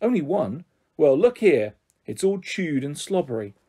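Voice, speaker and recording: A man reading a children's novel aloud in a lively, expressive storytelling manner. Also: a little high, measured pace, husky. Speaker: audiobook reader.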